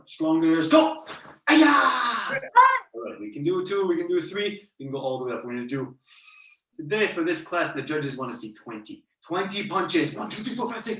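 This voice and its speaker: Over a video call, a taekwondo instructor runs a belt test, barking out counts and commands and letting loose loud yells. His voice is mid-range, and the studio recording has a roomy echo because he's far from the mic.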